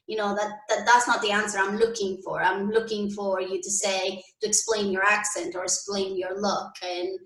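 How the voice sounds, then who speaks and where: A woman's voice: medium pitch, steady tone, moderate pace, a bit bright, recorded from a distance. A young woman from Canada, speaking as a guest in an interview, thoughtful and hesitant, with fillers and restarts. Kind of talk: conversational interview. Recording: echoey room, a bit off-mic.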